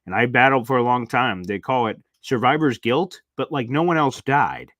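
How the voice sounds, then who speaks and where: A young adult man hosting a casual live-stream chat, reading viewer comments aloud and rambling into animated stories. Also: medium pitch, normal speed, no room sound, studio quality. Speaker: live show host.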